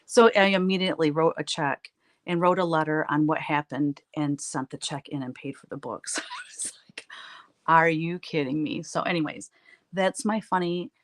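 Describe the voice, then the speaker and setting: A woman with a low voice hosts a live painting stream from her home art studio, standing as she works. She chats casually with viewers at a normal speed, telling funny stories and laughing often, with slight background noise behind her.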